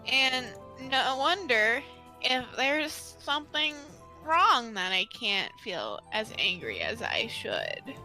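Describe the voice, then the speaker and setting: A woman voicing a shy, awkward and sad young male troll, speaking slowly and hesitantly. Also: fairly high pitch, bright, forceful tone, heavily acted, rough recording. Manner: slow, halting, hesitant delivery. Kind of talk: voicing a character in a game playthrough.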